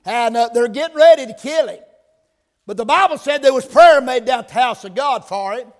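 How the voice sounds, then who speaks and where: A man preaches in a church, his voice pitched very high. He moves from hushed prayer into loud, emphatic preaching. The sound carries a long reverb from the sanctuary. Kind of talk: sermon.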